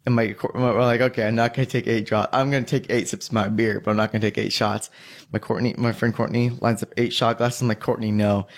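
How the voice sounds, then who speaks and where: A man's voice: on the low side, level tone, quick pace. A young man telling a long drinking story in casual chat, rambling, swearing and laughing as he goes.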